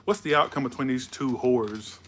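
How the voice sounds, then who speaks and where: A man's voice: medium pitch, moderate pace, a bit bright, a little hiss or hum. A tipsy man doing a loose, rambling, playful tarot reading. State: tipsy from alcohol. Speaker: tarot reader.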